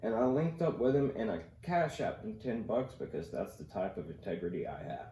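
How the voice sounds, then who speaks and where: A man's voice: on the low side, fairly quick. A young man, hosting a casual podcast and telling stories in a rambling way, full of "like". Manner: rambling, animated storytelling with lots of "like". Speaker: podcast host. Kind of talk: casual storytelling chat. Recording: echoey room, faint background noise.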